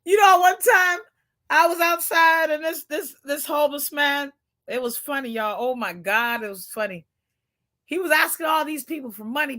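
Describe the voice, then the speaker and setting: A channel host with a high, bright voice chats casually with her viewers at a moderate pace. Brash and joking, she's loud and animated, laughs often and keeps returning to the word "shoot".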